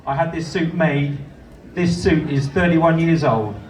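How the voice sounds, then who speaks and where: A man's voice: fairly high pitch, unhurried, background noise. A man in his sixties, a contestant, talking in a friendly, self-deprecating way. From Great Britain. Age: 60s. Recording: echoey room from far off.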